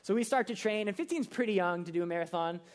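A young pastor delivers a sermon in a high, animated voice, keeping it casual and conversational. His speech is full of fillers and quick acted asides.

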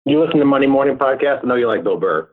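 A man chatting on a podcast, halting and full of fillers. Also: medium pitch, lively intonation. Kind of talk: casual podcast chat. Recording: tinny phone-like line.

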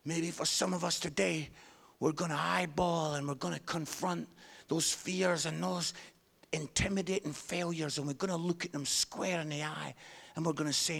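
High, gravelly-voiced preacher in his fifties. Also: normal speed. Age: 50s. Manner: animated storytelling with self-deprecating humor. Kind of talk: sermon.

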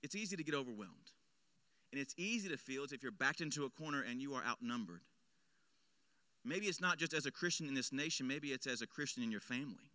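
A man preaching a sermon as pastor, swinging between loud emphatic lines and hushed low ones. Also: animated, fast talker, no echo. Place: church.

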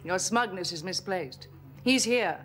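A woman's voice: mid-range voice, animated, measured pace, fairly bright tone. An actress playing a cold, scornful female villain in an eighties TV drama, clipped and contemptuous. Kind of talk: 1980s TV drama acting.

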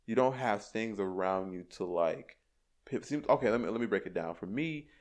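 A young man, a podcast guest, talking in an animated, rambling way with many restarts. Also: on the low side, a little fast. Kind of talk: casual chat.

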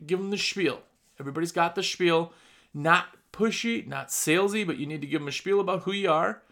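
A man's voice: high voice, expressive, fairly quick, bright, forceful tone. A man with a Midwestern accent, giving plain-spoken, emphatic business advice in a casual coaching talk. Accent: Midwestern American. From Wisconsin. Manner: emphatic, plain-spoken, acts out customer dialogue. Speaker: window cleaning business owner giving advice.

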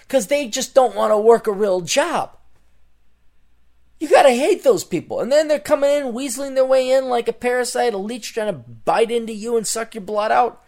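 A man hosting a podcast alone, delivering a rambling, repetitive rant that swings between loud outbursts and muttered asides. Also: high voice. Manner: rambling, repetitive, loses his thread. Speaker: podcast host. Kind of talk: ranting solo monologue.

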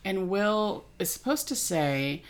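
A woman co-hosting a podcast, chatting casually and excitedly, with lots of fillers and laughter. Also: medium pitch, slow. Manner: animated, laughing, full of fillers. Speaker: podcast co-host. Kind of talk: casual chat.

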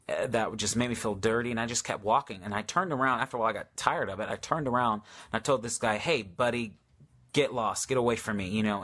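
A man's voice: fairly low pitch, fairly bright tone. A man hosting a casual live question-and-answer session on faith, enthusiastic and hesitant, with many ums and restarts. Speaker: host answering viewer questions.

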